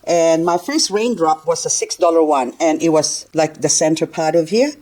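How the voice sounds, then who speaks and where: Talkative older lady, slightly low voice, giggly garden chat. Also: moderate pace, dark tone, poor audio. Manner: chatty and giggly, talks nonstop. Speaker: gardening vlogger. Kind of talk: casual chat while working.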